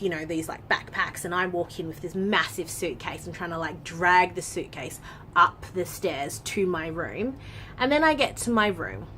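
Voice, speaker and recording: A young woman tells a story to her vlog camera in a loose, chatty way, sprinkled with "like" and casual swearing. Her voice sits a little low for a woman. A faint hum of room noise lingers behind her. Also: a bit bright. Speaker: vlogger.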